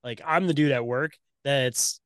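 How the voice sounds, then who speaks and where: A man's voice: medium pitch, a little slow, fairly bright tone, smooth, no room sound, clean studio sound. A man talking as a podcast guest in casual chat, loose and rambling, swearing a lot and calling his host "dude".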